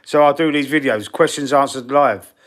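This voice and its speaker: Husky-breathed Cockney man chatting to viewers. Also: medium pitch, normal speed, a bit bright. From East London, England. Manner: blunt, slangy and chatty, calling viewers bro and mate. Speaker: fan channel live streamer. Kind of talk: casual live-stream Q&A chat.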